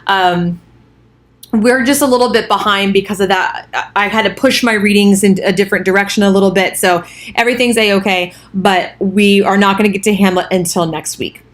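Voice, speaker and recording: A woman's voice: medium pitch, steady tone, brisk. A woman teaching a college English course, giving a casual recorded overview of the week with chatty asides and fillers.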